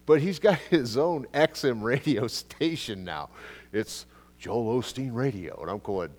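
Animated preacher with a lively voice. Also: male voice, mid-range voice, measured pace. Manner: animated, swings between loud emphatic bursts and quiet asides. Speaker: pastor. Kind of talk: expository sermon.

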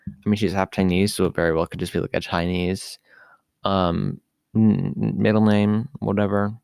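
A man's voice: deep voice, level tone, normal speed, creaky, a little mellow, clear, resonant tone, no echo. A man hosting a podcast on his own, talking in a casual, rambling way with lots of fillers and asides. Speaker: podcast host. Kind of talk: casual solo podcast talk.

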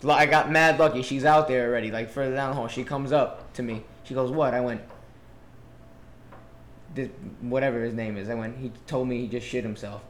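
A young man, a teacher, telling a story in casual chat, animated and slangy with lots of swearing. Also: mid-range voice, brisk, echoey room, a little hiss or hum.

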